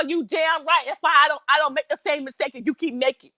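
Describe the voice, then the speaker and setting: Lady in her 40s ranting about a fight, high bright voice, super dry sound. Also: quick pace, hardly any pauses, no room sound. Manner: animated, indignant storytelling with repeated "I said". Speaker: guest telling a story. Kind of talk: casual chat.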